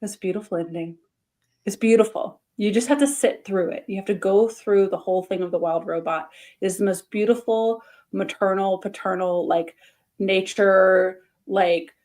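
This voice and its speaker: A woman's voice: mid-range voice, fairly even intonation, moderate pace, a little mellow. A woman co-hosting a podcast, rambling effusively in casual chat. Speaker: podcast co-host.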